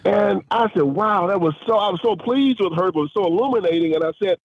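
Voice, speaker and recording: A man's voice: high-pitched, quick pace, breathy edge. A man being interviewed as a guest author and filmmaker, speaking emphatically and rising into preacher-like force. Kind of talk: interview over a phone line. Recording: tinny dry phone line.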